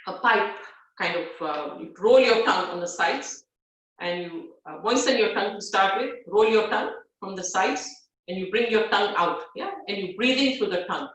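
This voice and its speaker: A woman yoga teacher leads a breathing practice at an easy, instructive pace, checking in with a soft "yeah?" between steps. She stands back from the mic, and her voice rings through a very echoey room. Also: medium pitch, lively intonation, normal speed, recorded from a distance. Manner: gentle instructive, frequent "yeah?" check-ins and fillers. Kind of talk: live guided yoga class. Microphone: device set back from the speaker.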